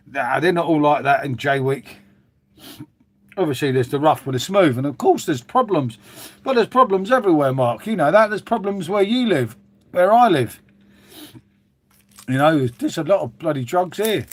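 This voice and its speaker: A man hosts a relaxed livestream from home and chats with his viewers as he goes. His talk wanders from one thought to the next, and he calls people mate. His voice sits a little high for a man. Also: normal speed, long pauses. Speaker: livestream host reading chat. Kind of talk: casual chat with live viewers. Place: at home making a hot drink.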